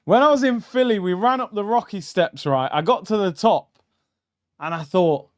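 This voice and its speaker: Excitable man reacting to a match. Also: high-pitched, normal speed, lo-fi sound. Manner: excitable, shouts at the screen, chatty tangents. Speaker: football watchalong host. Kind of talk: live match reaction commentary. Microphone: streaming mic.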